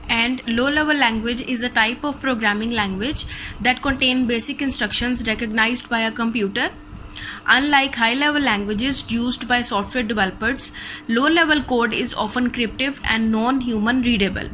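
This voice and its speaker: A woman's voice: fairly high pitch, normal speed, sharp tone, a little hiss or hum, poor audio. A woman teacher with a Pakistani accent, reading a recorded class lecture steadily from textbook notes.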